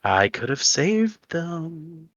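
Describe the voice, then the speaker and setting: A man voicing a taunting male devil who bargains for souls. He speaks slowly and quietly, with a mocking edge. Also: fairly high pitch, very animated, no room sound, muffled recording, voice pushed up, full character voice.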